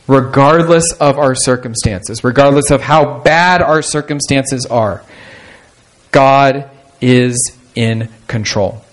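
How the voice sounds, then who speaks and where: A male pastor delivering a sermon, reading scripture aloud and explaining it with emphatic asides, slowing down to stress key phrases. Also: on the high side.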